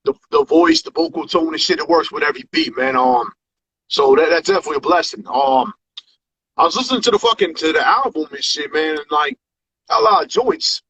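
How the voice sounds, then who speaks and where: A man's voice: a little high, fairly quick, a bit bright, dull audio, slight background noise. A man hosting a casual hip hop interview, laid-back and full of slang and fillers. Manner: laid-back slang, many fillers and "you know what I mean". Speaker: interviewer host.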